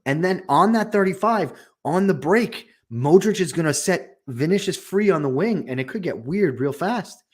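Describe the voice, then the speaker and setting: A man's voice: high voice, expressive, moderate pace, hardly any pauses. A man co-hosting a sports podcast, laying out his analysis in easy, chatty talk. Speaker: podcast co-host. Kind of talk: casual sports chat.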